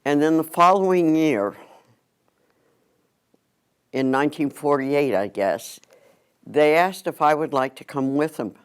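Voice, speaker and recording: Slow, smooth-voiced older man reminiscing. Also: fairly high pitch. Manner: slow, reflective. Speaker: interviewee. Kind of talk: reminiscing interview.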